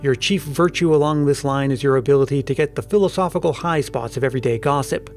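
A man's voice: medium pitch, quick pace, faint music behind, close to an everyday voice. A man voicing a genial, teasing middle-aged father who owns a mine, in a storybook reading.

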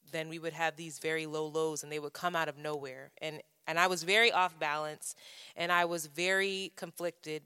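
A woman's voice: deep voice, bright, forceful tone, clear, resonant tone, long reverb tail. A woman co-hosting a podcast, telling a personal story in a frank, profane way, often stopping and restarting her sentences. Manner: frank, profane, self-interrupting. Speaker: podcast co-host.

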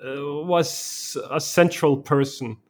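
A man's voice: a little high, fairly even intonation, slow pace. A man from Denmark, a guest in a conversation, telling a story vividly in the present tense.

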